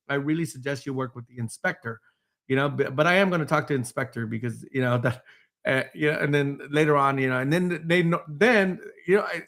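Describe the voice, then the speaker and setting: A man's voice: on the high side, a bit bright. A man hosting a panel talk on code enforcement, rambling with many restarts and the occasional laugh. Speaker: host, building official. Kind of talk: panel discussion.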